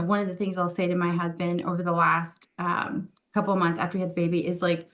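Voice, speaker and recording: A woman guest on a podcast, talking candidly and reflectively in casual chat, acting out her own thoughts as quotes. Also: fairly low pitch. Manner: candid, reflective, many fillers and acted-out quotes.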